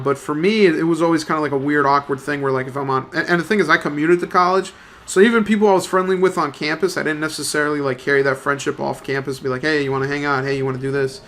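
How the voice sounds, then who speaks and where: A young man in his twenties, a let's play commentator, rambles through a profane story stuffed with slang and fillers. His voice is a little high and sharp.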